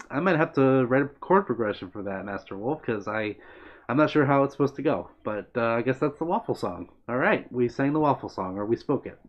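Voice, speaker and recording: A man's voice: mid-range voice, expressive, brisk, highs cut off. A man hosting a livestream, chatting casually and greeting viewers by name as he reads their comments. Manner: friendly, meandering, answers chat by name. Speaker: livestream host.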